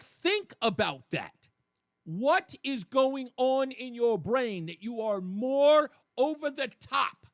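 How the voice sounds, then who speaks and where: A man hosting a talk radio show, giving animated commentary and acting out the voices of the people he quotes. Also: very high-pitched, dry recording, studio quality.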